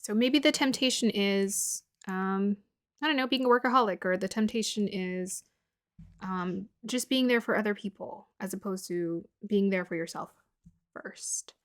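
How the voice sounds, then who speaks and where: A woman's voice: mid-range voice, unhurried. A woman giving a casual tarot reading to her viewers, musing aloud, laughing often and sometimes dropping to a murmur. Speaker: tarot reader.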